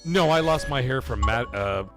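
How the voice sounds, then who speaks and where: A middle-aged man hosting a livestream in casual chat, animated and swearing, loudly thanking donors. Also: medium pitch, moderate pace, over music. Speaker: livestream host.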